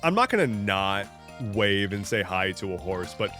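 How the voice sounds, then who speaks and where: A man chatting loosely to his stream audience while he plays, rambling from one tangent to the next in a joking, offhand way. He restarts his sentences often and drops casual swears. Faint game music plays softly underneath. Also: on the low side, very animated, moderate pace. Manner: rambling, jokey, talks to chat. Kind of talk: casual live-stream chat while gaming.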